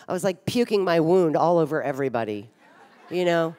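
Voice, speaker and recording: A woman's voice: low-pitched, animated, a little fast, darkish tone. A woman in her fifties giving a frank, wry and humorous talk about her own life from a conference stage, swearing bluntly now and then. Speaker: speaker at a recovery conference. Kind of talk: candid personal talk on stage. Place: large hotel ballroom stage. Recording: reverberant hotel ballroom.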